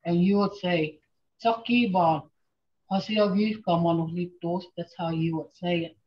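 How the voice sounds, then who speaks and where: A woman teaching a language class online, speaking slowly and patiently and repeating phrases for her students. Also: on the low side, steady tone. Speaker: language instructor. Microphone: video call. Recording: dull lo-fi video call audio.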